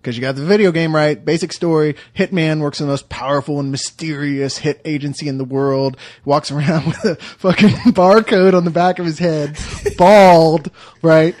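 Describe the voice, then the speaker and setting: A man co-hosting a movie review podcast in casual banter, sarcastic and animated, building his jokes up step by step. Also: a little high, moderate pace.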